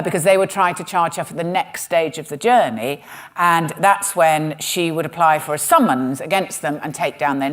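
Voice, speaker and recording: A woman comedian telling a history story on stage with wry, sarcastic asides. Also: fairly low pitch. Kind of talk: stand-up storytelling talk. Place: stage in a museum.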